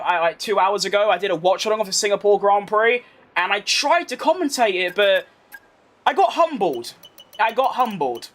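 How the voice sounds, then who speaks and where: High and a little bright, the voice comes from a young gaming streamer from London, England, whose London accent has a posh edge. He talks over a live racing game, replying to chat with meandering asides.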